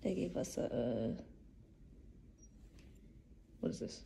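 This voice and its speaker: A woman's voice: extremely low pitch, expressive, takes it slowly, creaky, warm tone. A woman in her twenties chatting casually to her viewers in a vlog. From New York. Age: 20s. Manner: chatty, addresses viewers as y'all. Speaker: vlogger. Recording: noisy background.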